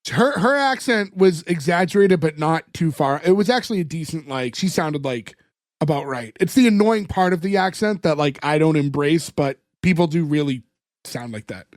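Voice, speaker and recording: A man's voice: on the high side, animated, normal speed, dry recording, clean studio sound. A man co-hosting a podcast, chatting casually and rambling through a TV episode recap with many fillers. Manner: rambling, lots of fillers, retells scenes. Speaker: podcast co-host.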